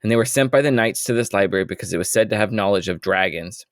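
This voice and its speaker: A man co-hosting a podcast, recapping the plot in relaxed casual talk and asking questions. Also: lowish voice, quick pace, no echo, studio quality. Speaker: podcast co-host.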